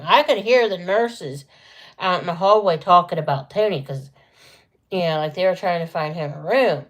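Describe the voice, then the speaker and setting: A woman's voice: lowish voice, normal speed, muffled recording. A woman vlogger telling a long story in a rambling, chatty way, full of asides and self-corrections. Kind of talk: casual storytelling to camera.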